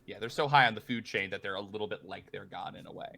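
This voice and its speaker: A man's voice: fairly low pitch, quick pace, gravelly, crowd noise. A man narrating as game master in a tabletop game, rambling with frequent fillers.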